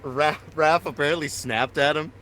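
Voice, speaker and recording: A man's voice: a little high, steady tone, normal speed, bright, forceful tone, a little hiss or hum. A man co-hosting a casual podcast, telling band stories with laughter and impressions of friends. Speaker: podcast co-host and band member. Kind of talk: casual chat.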